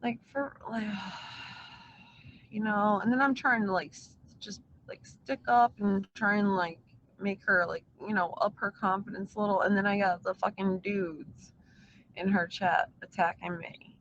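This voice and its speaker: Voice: mid-range voice, steady tone, a little slow, fairly bright tone, lo-fi sound, a little hiss or hum. A livestreamer talking to their chat in a casual, meandering way, swearing often and full of fillers. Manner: profane, filler-heavy, meandering. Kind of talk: casual rambling stream chat.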